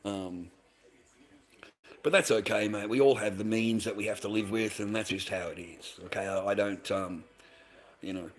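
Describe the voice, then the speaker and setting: An Australian man ranting on a casual livestream. He swears constantly, tags "mate" onto nearly every line, and swings between low mumbles and loud, heated outbursts. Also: normal speed, pauses often.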